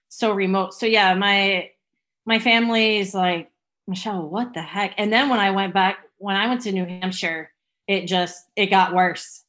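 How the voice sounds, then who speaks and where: A woman's voice: mid-range voice, a bit bright. Chatty woman with a Boston-area accent. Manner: rambling, with many ums and likes. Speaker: guest. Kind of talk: casual interview chat.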